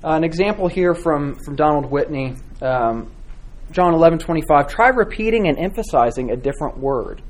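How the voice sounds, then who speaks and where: A man teaching a church class on devotional reading, speaking with frequent pauses, fillers and restarts. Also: on the high side. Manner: halting, many fillers and restarts, warm encouraging replies. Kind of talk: Sunday school class teaching.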